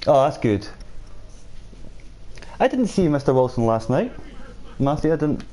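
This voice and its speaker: A man's voice: fairly high pitch, very animated, a little slow, mellow, a little hiss or hum. A man streaming a shooter game live, chatting casually with viewers and reading out their comments while he plays. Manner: chatty, reads and answers viewer chat while playing. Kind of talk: casual live-stream chat over gameplay.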